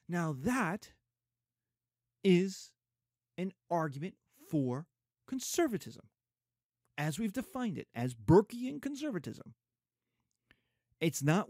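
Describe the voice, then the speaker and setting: A middle-aged man gives a history lecture, his pitch jumping all over as he makes his points. He breaks into mocking asides now and then. The sound is dry and close, with little room around it. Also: slow, pauses often, no room sound. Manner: animated, mocking asides in put-on voices.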